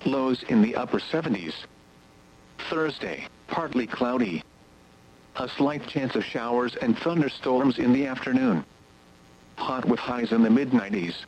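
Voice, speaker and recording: A synthetic male voice reads an automated weather radio broadcast, reciting numbers and forecasts steadily and mechanically. The voice is medium-pitched, unhurried, and husky, and the recording quality is low.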